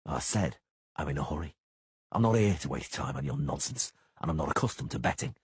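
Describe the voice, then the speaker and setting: A man reading an audiobook, voicing a cold, terse male monster hunter in a low, husky, curt voice. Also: animated, fairly quick, no room sound, full character voice.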